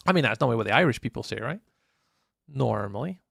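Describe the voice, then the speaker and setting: A man's voice: sits high, lively intonation, quick pace, gravelly, fairly bright tone, dry recording, studio quality. A Scottish man chatting casually with viewers while commentating a live game stream. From Scotland. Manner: friendly, chatty, greets viewers by name.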